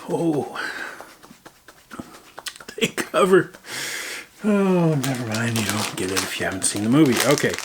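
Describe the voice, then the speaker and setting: A man's voice: mid-range voice, lively intonation, takes it slowly, pauses often, background noise. A man casually chatting through a snack taste-test vlog, playful and muttering while he chews. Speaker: vlogger. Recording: crinkling snack bags close by.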